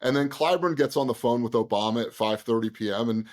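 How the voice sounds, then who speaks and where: A man, a guest on an interview show, recounting events in a conversational, animated way, with frequent fillers and quick restarts. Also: mid-range voice. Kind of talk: conversational storytelling.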